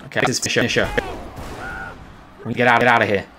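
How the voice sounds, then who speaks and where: A man streaming live gameplay, reacting with excited, jokey commentary. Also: mid-range voice, fast talker, background noise. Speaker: game streamer.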